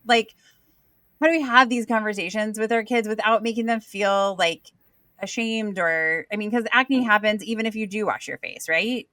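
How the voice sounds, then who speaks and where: A woman's voice: mid-range voice, normal speed, sharp tone, dry recording. A woman hosting a podcast who talks casually and chattily and says "like" again and again. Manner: chatty, fills her speech with "like". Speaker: podcast host, social worker.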